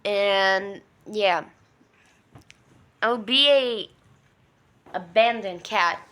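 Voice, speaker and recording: A woman's voice: medium pitch, very slow, fairly bright tone. A woman telling a story in a casual, rambling way, full of fillers and emphatic swearing. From Brazil. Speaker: vlogger.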